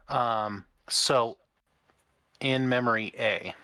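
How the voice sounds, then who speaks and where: A man's voice: lowish voice, normal speed, pushed and bright, no room sound, soft background music. A man running a tabletop game as game master, narrating in a laid-back way and laughing often, on a home mic during a video call.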